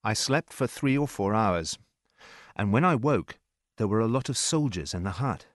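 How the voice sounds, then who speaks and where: A man narrating a story in a slow, clear reading voice. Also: fairly low pitch, animated, no room sound, clean studio sound. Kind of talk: scripted narration.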